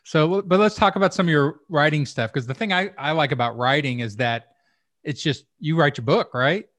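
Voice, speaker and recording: A man's voice: fairly high pitch, normal speed, a bit bright, no room sound. A man hosting a podcast, talking casually, opinionated and explaining things step by step. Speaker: podcast host.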